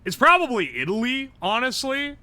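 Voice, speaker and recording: Sharp-voiced, high, lively male streamer. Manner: blunt, profane, quick reactions. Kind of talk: live-stream gameplay commentary.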